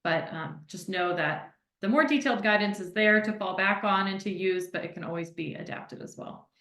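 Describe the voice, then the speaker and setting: Een vrouw die via een videogesprek bedachtzaam en bemoedigend een gezondheidskader uitlegt. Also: female voice, mid-range voice, normal speed, fairly bright tone, echoey room. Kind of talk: webinar explanation.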